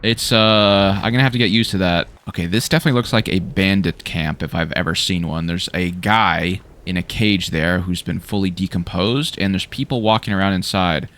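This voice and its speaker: Dude streaming a game, lowish punchy bright voice, gets hyped and swears, bit of noise behind. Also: male voice, fairly quick, hardly any pauses. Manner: excitable, swears, reacts loudly to the game. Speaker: gaming YouTuber. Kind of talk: casual let's-play commentary.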